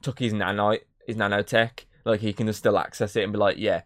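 A man chatting casually on a podcast about a film he saw, retelling scenes with lots of swearing and quick acted-out quotes. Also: lowish voice, little pitch movement, fairly bright tone, dry recording, clean studio sound. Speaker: podcast co-host.

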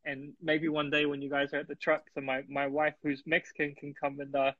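A man's voice: a little high, monotone, fairly quick, no room sound. A male host wrapping up a casual chat, friendly and thankful, calling his guest bro and man. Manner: friendly, grateful, says bro and man a lot. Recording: dull, dry lo-fi recording.

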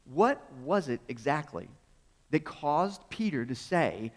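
A man's voice: a little high, big pitch swings, slow pace. Chatty preacher man in an echoing hall. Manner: conversational storytelling with rhetorical questions; chuckles often while speaking. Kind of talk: sermon. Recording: long reverb of a large hall.

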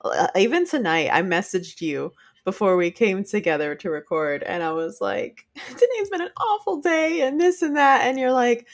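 A woman co-hosting a podcast in casual chat, chatty and laughing often, animated when she retells stories. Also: fairly low pitch, normal speed, few pauses. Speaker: podcast co-host.

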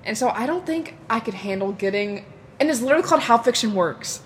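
A woman's voice: a little high, expressive, fast, a little hiss or hum. A young woman co-hosting a podcast in casual chat, telling stories dramatically with bursts of laughter and casual swearing. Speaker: podcast co-host.

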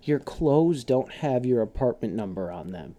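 A young man hosting a casual podcast chat, telling stories in an animated way, swearing and breaking into acted-out quotes. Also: medium pitch, a little slow. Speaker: podcast host.

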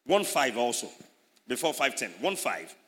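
A man's voice: mid-range voice, very animated, moderate pace, fairly bright tone. A man with a Nigerian English accent preaching a sermon, emphatic and teaching, acting out little scenes. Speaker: pastor. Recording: echoey hall.

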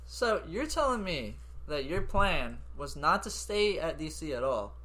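A man's voice: on the high side, sing-song, measured pace, bright, forceful tone, rough recording. A man chatting casually with friends, joking, laughing and swearing as he reacts to a story. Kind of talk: casual chat.

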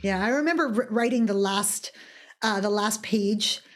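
A woman's voice: medium pitch, moderate pace. A woman talking as a guest in an interview, passionate and emphatic, often repeating words as she speaks. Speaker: author and guest. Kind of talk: podcast interview.

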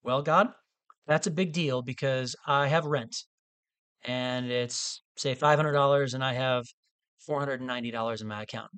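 A man's voice: mid-range voice, moderate pace, fairly bright tone. A man preaching a sermon in a conversational way, often restarting sentences and adding asides. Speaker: pastor.

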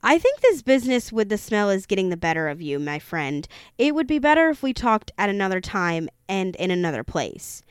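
A calm older pastor speaks gently and evenly, voiced by a woman reading a horror book. Her voice stays smooth and clear, with a dry, close sound. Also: medium pitch, dry recording, close to an everyday voice. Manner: gentle, measured.

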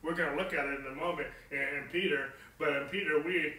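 A man preaching a sermon, swinging from emphatic peaks to low, soft lines and often asking "okay?" of his listeners. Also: fairly even intonation, fast, roomy sound, far from the mic, slight background noise, low-quality recording. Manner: repeats phrases, asks the congregation "okay?".

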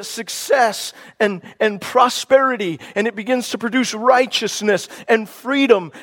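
A male pastor preaching a sermon with growing passion, often repeating and restarting his phrases. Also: extremely high pitch. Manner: impassioned preaching with rising emphasis.

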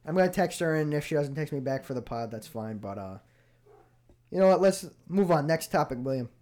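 Animated young man bantering on a podcast. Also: a little high, a little fast. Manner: animated, laughing, defensive banter. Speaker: podcast host. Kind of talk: casual chat among friends.

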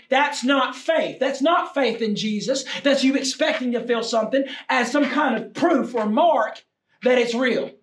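A man with a high voice delivers a fervent sermon, sometimes shouting and sometimes falling to a hush. He is heard from back from the mic in an echoey room with a faint hiss. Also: distant mic. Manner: impassioned, swings from shouting to near-whisper. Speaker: preacher.

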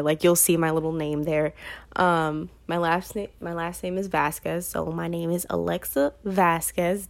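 A woman's voice: on the low side, gravelly. A nineteen-year-old woman from Brooklyn, hosting her own podcast in an unscripted monologue full of ums and restarts. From Brooklyn, New York. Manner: rambling, unscripted, many ums and self-corrections. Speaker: podcast host. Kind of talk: casual solo podcast monologue.

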